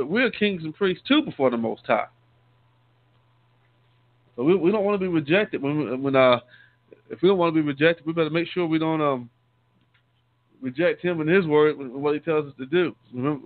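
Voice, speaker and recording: A man, a deacon, giving a conversational sermon, often repeating and restarting words and calling his listeners saints. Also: on the high side. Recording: tinny phone-line sound, dry.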